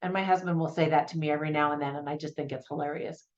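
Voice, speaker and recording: A woman's voice: low voice, fairly even intonation, very fast. Chatty mom-age woman doing a movie review, a bit dull lo-fi sound. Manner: chatty, upbeat, quotes lines in put-on voices. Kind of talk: casual to-camera review.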